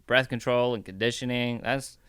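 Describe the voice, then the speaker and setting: A man co-hosting a podcast in casual chat, hoarse from yelling, rambling with lots of fillers. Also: mid-range voice, fairly even intonation, moderate pace, no room sound, clean studio sound. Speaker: podcast co-host.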